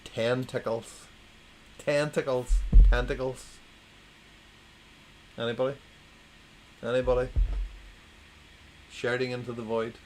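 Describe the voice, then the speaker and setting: Slow, wry man reading dad jokes. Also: medium pitch, steady tone, a little hiss or hum, rough recording. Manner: wry, plays to a quiet chat, repeats punchlines. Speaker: livestream host. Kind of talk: casual livestream, reading jokes to chat.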